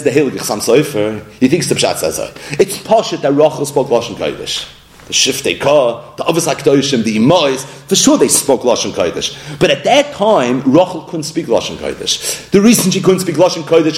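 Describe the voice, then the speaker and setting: Lively, animated man teaching Torah. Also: a little high. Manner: animated, acts out quoted speakers and mixes in Hebrew and Aramaic terms. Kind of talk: Torah lesson.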